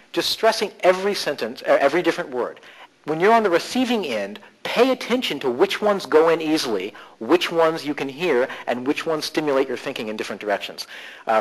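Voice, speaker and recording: A man presenting a live conference workshop, animated and playful, shifting his emphasis for effect. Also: fairly high pitch, poor audio.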